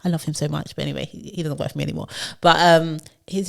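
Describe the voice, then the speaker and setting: Fast-talking woman co-host, chatty storyteller. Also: low-pitched, fairly even intonation, gravelly. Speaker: podcast co-host. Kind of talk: casual chat.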